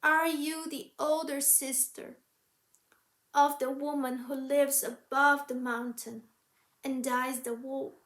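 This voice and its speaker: A woman's voice: high voice, flat delivery, takes it slowly, fairly bright tone. A woman voicing a weary young girl on a quest who speaks in an earnest, pleading way in a storybook tale. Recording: roomy echo.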